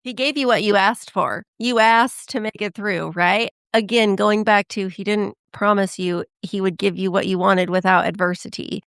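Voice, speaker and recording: A woman hosts a podcast interview and puts brisk, probing questions to her guest. Her voice is smooth and clear at a middle pitch. It is recorded close and dry. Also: steady tone, a bit bright, dry recording. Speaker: podcast host.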